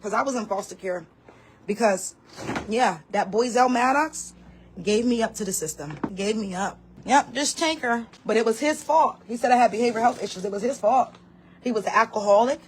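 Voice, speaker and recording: A woman's voice: on the high side, slight background noise. A woman who makes social media videos, ranting bluntly with lots of swearing in a casual vlog.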